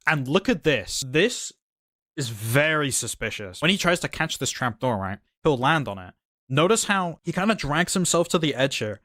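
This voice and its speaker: A man's voice: mid-range voice, fairly bright tone, no echo, clean studio sound. A young man narrating a gameplay review, wry and analytical, building a case step by step. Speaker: video essayist.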